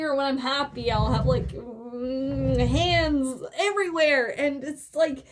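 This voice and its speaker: A young woman giving a casual, animated film critique, rambling with fillers and restarts and briefly acting out scenes. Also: high-pitched, slight background noise. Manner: acts out scenes with quick voices. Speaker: video essayist. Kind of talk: casual opinion commentary.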